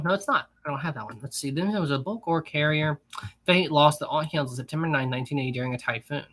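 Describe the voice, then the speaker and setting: A man's voice: fairly high pitch, pushed and bright. A man hosting a casual livestream, chatty and giggly, reading viewer messages and rambling with frequent restarts. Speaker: livestream host. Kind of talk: casual livestream chat, reading super chats.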